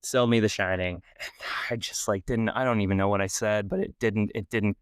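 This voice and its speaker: A young man tells a long self-deprecating story on a podcast, stumbling through restarts as he goes. His voice sits low and is smooth and clear. The sound is close and dry, with no room in it. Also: steady tone, fairly quick, dry recording. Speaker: guest filmmaker. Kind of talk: casual storytelling interview.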